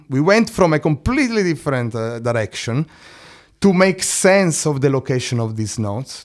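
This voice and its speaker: A man teaches drumming at a middle pitch. He counts beats aloud and sings rhythm syllables. He checks that the student follows with short questions like "no?". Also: darkish tone. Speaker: drum teacher. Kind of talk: drum lesson explanation.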